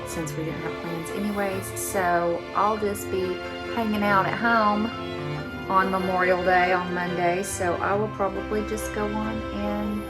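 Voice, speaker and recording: A woman, chatting casually to her viewers as host of a crochet channel. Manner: chatty and relaxed, rambling; high sing-song baby talk to her cats. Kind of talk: casual chat to camera.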